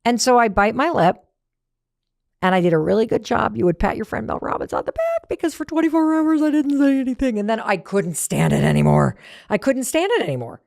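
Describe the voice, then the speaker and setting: A woman's voice: fairly high pitch, big pitch swings, a little fast, vocal fry, a little mellow, dry recording, studio quality. A middle-aged woman hosting a motivational podcast, talking in a conversational way and acting out the lines she quotes. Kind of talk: motivational talk.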